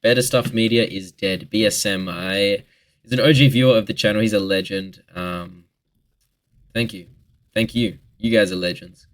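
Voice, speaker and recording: A man's voice: on the low side, steady tone, moderate pace. A twenty-year-old Australian man answering viewer questions in a rambling, joking casual chat, swearing freely.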